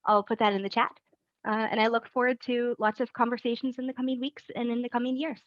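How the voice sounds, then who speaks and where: A woman wraps up her candidate pitch, friendly and open with a few hesitant fillers. Her sound is dry and close, with the dull tone of video call audio. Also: flat delivery, quick pace, no room sound. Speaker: candidate for advisory council. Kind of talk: closing a candidate speech.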